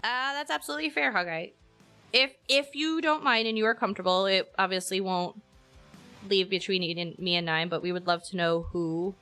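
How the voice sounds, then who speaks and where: Bright-voiced woman chatting on stream. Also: medium pitch, fairly quick, faint music behind. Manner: rambling, candid, opinionated. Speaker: streamer and co-host. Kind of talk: casual live-stream chat.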